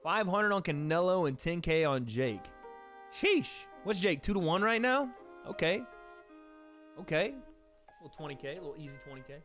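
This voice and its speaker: A man's voice: fairly high pitch, expressive, normal speed, a bit bright, faint music behind. A young man from the American South chatting casually on a livestream, reading donations and trailing off with laughs. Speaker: streamer hosting a watch party.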